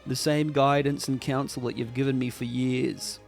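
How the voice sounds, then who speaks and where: A man playing a proud middle-aged king in a game, speaking in a firm, solemn register. He commands and defies in an even, measured way. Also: mid-range voice, vocal fry, soft background music, natural voice.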